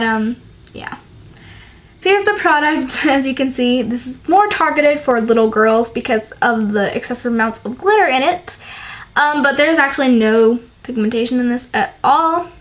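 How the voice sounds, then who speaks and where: A young woman chatting casually about her favorite beauty products in her bedroom, filling her talk with "um" and "like". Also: high-pitched. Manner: chatty, lots of "um" and "like". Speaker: beauty vlogger. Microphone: built-in camera mic.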